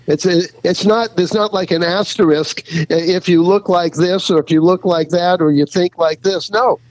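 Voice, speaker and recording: With a high-sitting voice and a steady tone, the man talks at normal speed as an interviewed author, rambling at length with many fillers, restarts and the odd chuckle. No room sound is audible, but the audio is poor.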